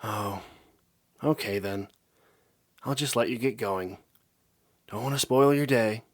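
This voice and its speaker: A man voicing an excitable young female bat pony who rambles and squeals. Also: high-pitched, measured pace, slightly rough, voice pushed up, heavily acted. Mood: sad.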